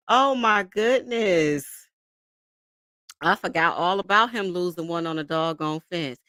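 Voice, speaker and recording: A woman's voice: mid-range voice, takes it slowly, no room sound, clean studio sound. A woman hosting casual commentary, talking in slang and laughing often as she reacts to a video. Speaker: commentary channel host.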